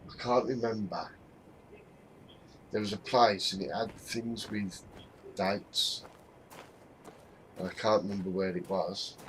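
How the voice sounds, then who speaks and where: A man's voice: fairly low pitch, fairly even intonation, slow pace, pauses often, poor audio. A man streaming a VR game, muttering to himself and chatting to his viewers. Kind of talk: live-streamed VR gameplay commentary. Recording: noticeable background noise.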